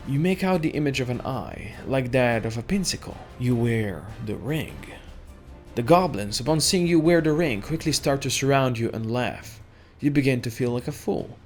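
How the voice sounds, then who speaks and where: A man reads an AI text adventure aloud as its player, narrating in a steady second-person voice. His pitch sits in a middle range. Faint music plays in the background. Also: normal speed.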